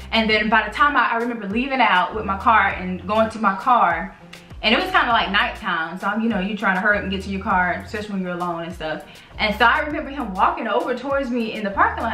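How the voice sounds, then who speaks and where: A chatty woman with a bright, fairly high voice talks casually as a channel host, often restarting her sentences. Her voice rings in an echoey room, and the mic sits some way off. Faint music plays underneath. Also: distant mic. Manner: chatty, rambling with many restarts. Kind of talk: casual couple chat.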